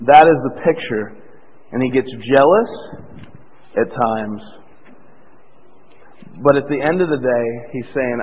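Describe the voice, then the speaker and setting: A man's voice: mid-range voice, slow, long pauses, breathy edge. A man preaching a sermon as a pastor, in a conversational style, acting out the voices he quotes. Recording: tinny, band-limited sermon recording in a reverberant hall.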